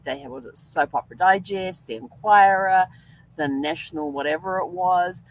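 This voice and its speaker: Older woman host with a low-pitched voice, casual rambling anecdotes, quick laughs. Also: breathy edge, low-quality recording. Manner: chatty, rambling, laughs often. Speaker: podcast host. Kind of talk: casual storytelling monologue.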